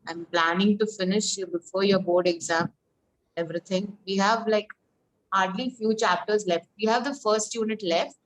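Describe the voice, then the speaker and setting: A woman tutoring a student in an online lesson, talking casually with many pauses and fillers. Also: medium pitch, fairly even intonation, low-quality recording. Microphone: video call.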